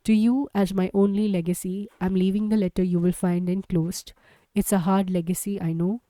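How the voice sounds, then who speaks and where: A woman reading a farewell letter from a weary former sailor, in a quiet, resigned tone. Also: sits high, little pitch movement, moderate pace, no echo, natural voice.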